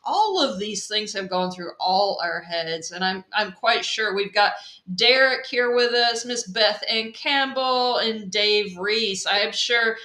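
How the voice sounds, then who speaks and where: A woman's voice: mid-range voice, takes it slowly, bright, forceful tone, reverberant. A woman hosting a live-stream interview over video call, reassuring her guest and speaking straight to viewers. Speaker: host.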